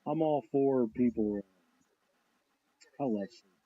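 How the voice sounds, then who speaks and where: A man's voice: mid-range voice, takes it slowly, dry recording. A man co-hosting a casual podcast, telling stories with lots of laughs and swearing. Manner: storytelling, laughs often, acts out quotes. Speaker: podcast co-host. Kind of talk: casual profane chat. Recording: dull lo-fi audio.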